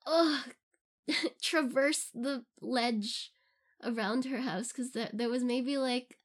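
A young adult woman who creates audio content, answering listener questions in a casual, rambling way and laughing often between phrases. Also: medium pitch. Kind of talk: casual Q&A chat.

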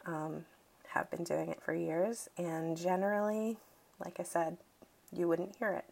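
A woman from Massachusetts with a Massachusetts accent, chatting casually through an accent tag video, relaxed and chuckling as she reads word lists. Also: fairly low pitch, unhurried, gravelly. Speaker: audio recording creator.

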